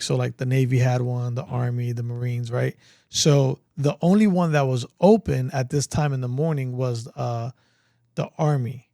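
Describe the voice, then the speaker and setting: A man, telling stories in an animated, casual way and acting out dialogue. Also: mid-range voice, no echo, clean studio sound. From Brooklyn, New York. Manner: animated, acts out dialogue, many likes. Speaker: guest, veteran. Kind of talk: casual storytelling.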